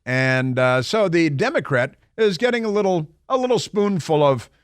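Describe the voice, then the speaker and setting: A man's voice: a little high, lively intonation, normal speed, smooth, no room sound, clean studio sound. Sarcastic male talk radio host. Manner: combative, sarcastic, asks mocking rhetorical questions. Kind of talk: opinionated talk radio monologue. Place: radio studio. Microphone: studio microphone.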